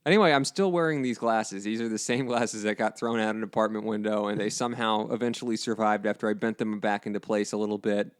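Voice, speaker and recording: A man chatting casually on a podcast as guest co-host, telling stories in a dry, deadpan way. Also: lowish voice, fast talker, few pauses, clean tone.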